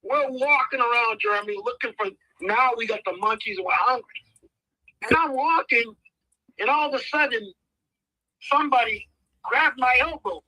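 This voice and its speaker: A man's voice: extremely high pitch, normal speed, dry recording, poor audio. A man, telling stories on a podcast as a guest and acting out the voices of the people in them. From United States. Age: 50s. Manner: animated, acts out voices in his stories. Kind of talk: casual storytelling.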